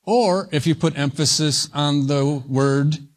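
A man preaching a verse-by-verse Bible sermon, slow and deliberate, leaning hard on single words. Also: on the high side. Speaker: pastor.

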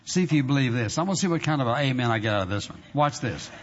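A male pastor preaching a sermon with emphasis, drawing out scripture readings slowly and repeating phrases for effect. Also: medium pitch, lively intonation, slight background noise. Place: church sanctuary. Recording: dull sound in a long-reverb hall.

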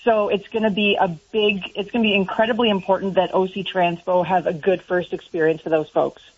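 Female guest, steady thoughtful talk, breathy tone, lo-fi phone line. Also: medium pitch, fairly quick. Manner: thoughtful, steady, with many "you know" fillers. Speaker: transit advocate guest. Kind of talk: radio interview.

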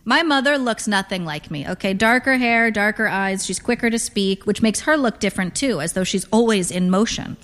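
A woman narrating first-person literary fiction in a dry, deadpan manner. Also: medium pitch, normal speed, hardly any pauses. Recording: long reverb.

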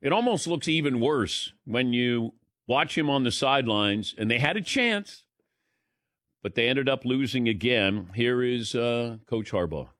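Brisk man hosting sports radio. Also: medium pitch, expressive, a bit bright, no room sound, studio quality. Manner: brisk rundown, wry asides. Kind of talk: sports talk show rundown.

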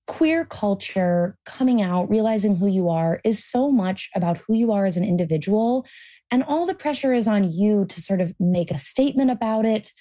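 A woman's voice: medium pitch, dark tone. A young American woman, a cartoonist, talking thoughtfully in a radio interview, with frequent restarts and "like" fillers. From United States. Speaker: cartoonist guest.

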